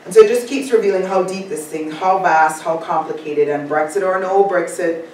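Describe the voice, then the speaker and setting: A woman's voice: lowish voice, moderate pace, darkish tone. Jamaican woman, panel speaker, reflective, heard from far off in a very echoey room with faint hiss. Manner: reflective, asks for slide changes. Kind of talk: academic talk presenting slides. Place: lecture room at a symposium.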